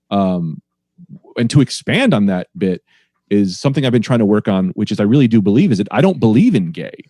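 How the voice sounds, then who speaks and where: A man's voice: fairly low pitch, very animated, a little fast, mellow, no echo, studio quality. A man, a stand-up comedian, talking casually on a podcast and playing with sing-song inflections.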